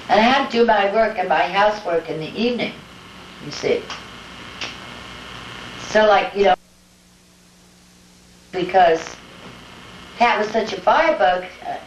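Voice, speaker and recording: An older woman being interviewed at home, telling lively family anecdotes and acting out the voices of her family. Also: mid-range voice. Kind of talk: casual storytelling at home. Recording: echoey room, distant mic, dull home-video sound with faint hiss.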